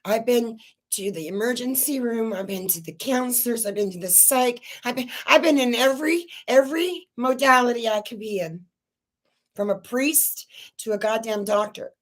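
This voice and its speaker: A woman host talking raw and tearful in a personal vlog, swearing and stumbling over her words as she vents. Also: on the high side. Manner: raw, distressed, swearing, halting restarts. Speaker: channel host.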